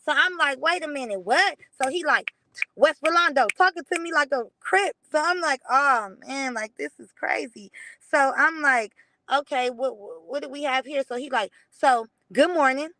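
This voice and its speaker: A woman's voice: sits high, normal speed, no room sound. A young woman casually telling a profane story on a livestream, acting out the dialogue. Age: young adult. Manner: profane, animated retelling with quoted dialogue. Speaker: guest.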